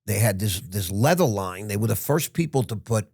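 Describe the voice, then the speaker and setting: Here a sixties-aged podcast guest rambles through a candid story, restarting now and then and dropping a swear word or two in casual interview fashion. His voice sits fairly low, husky and darkish, animated at a moderate pace, recorded dry in studio quality.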